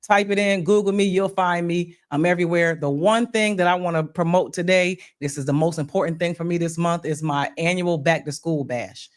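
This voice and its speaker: A woman's voice: fairly low pitch, fairly quick, few pauses. A woman from Pennsylvania hosting a casual podcast chat, talking to her audience in a folksy way and calling them y'all. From Pennsylvania, USA. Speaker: podcast host.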